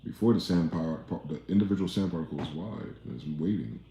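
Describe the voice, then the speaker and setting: A man's voice: sits low, fast talker, dark tone, roomy sound. A man from New Jersey hosting a livestream, rambling, profane and ranting as he reads out chat comments. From East Orange, New Jersey. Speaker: livestream host.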